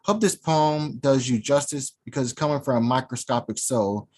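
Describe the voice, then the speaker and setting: A poet reading their own poems at an online open mic over a video call, reciting in a measured, rhythmic way with searching pauses between pieces. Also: medium pitch, a little mellow. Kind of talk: poetry reading.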